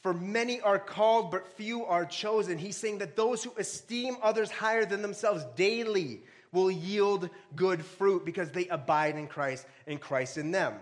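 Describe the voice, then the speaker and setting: Male pastor, high voice, casual joking sermon, reads verses, bursts into loud calls. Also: unhurried, hardly any pauses. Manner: casual, joking preaching with sudden loud rises; reads scripture aloud between asides.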